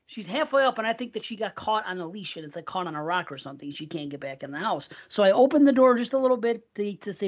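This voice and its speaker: Man, middle-aged, podcast co-host, profane, rambling, casual, dull lo-fi sound. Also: high-pitched. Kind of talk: casual chat.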